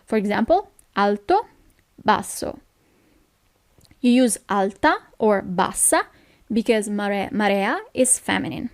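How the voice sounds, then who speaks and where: A woman's voice: medium pitch, expressive, slow pace, long pauses, no room sound, clean studio sound. A woman from Italy with an Italian accent, teaching a language lesson, who explains things patiently and keeps checking in with "okay?".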